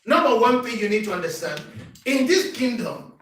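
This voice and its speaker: High-voiced preaching man, echoey hall. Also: sing-song, normal speed, slight background noise. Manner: call-and-response preaching, rising to shouts. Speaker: bishop preaching. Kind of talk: sermon. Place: church hall. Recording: echoey church sound from far off.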